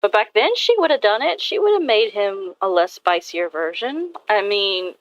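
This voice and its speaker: Drawing as she talks, a woman artist vlogger rambles casually about her characters with an occasional swear. Her medium-pitched voice is sing-song at normal speed, with no echo on lo-fi sound.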